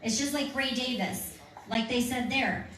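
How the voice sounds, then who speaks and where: A woman's voice: high voice, a little slow, fairly bright tone, distant mic. A woman leading a petition workshop, answering audience questions in an earnest, persuasive way with frequent restarts. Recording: echoey room recorded from afar, faint hum.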